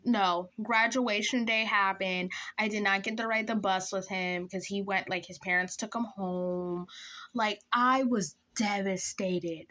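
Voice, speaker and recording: A young woman vlogger telling a school-days story while doing her makeup, dramatic and animated, dropping into whispers and jumping into high squeals. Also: moderate pace.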